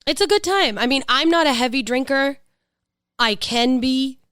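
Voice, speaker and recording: A woman's voice: high-pitched, animated, moderate pace, a bit bright, clear, resonant tone, no echo, studio quality. A woman in her thirties with a New York accent, talking and laughing in a casual podcast chat. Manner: chatty, laughing, swearing, restarts often. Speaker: podcast co-host.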